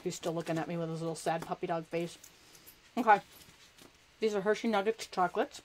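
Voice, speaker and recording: A woman with a fairly low voice speaks fairly quickly while demonstrating crafts live, talking as she works with her hands. She's a chatty, self-deprecating host who laughs a lot. The audio is poor, with a little hiss or hum.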